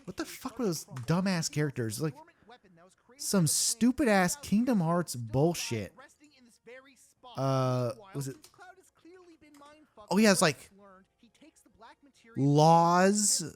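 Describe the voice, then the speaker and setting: A man's voice: on the high side, big pitch swings, slow pace, pauses often. A man hosting a casual commentary track, ranting with lots of swearing and fillers. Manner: ranting, profane, rambling with many fillers. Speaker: YouTube host. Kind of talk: casual behind-the-scenes commentary.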